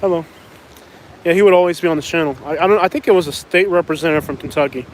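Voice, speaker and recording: A man's voice: a little high, quick pace, slight background noise. A man from Florida with a Florida accent, chatting casually and rambling through a night-walk live stream outdoors, laughing often. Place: outdoors at night in a small town.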